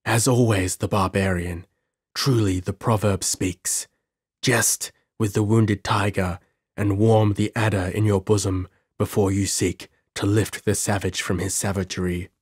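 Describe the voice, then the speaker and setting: A cold, sinister mastermind of science, read by a man in an audiobook, murmuring with detached clinical calm. The voice sits low and the words come slowly and deliberately, with a dry close sound. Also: slightly rough, no echo. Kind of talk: audiobook character voice.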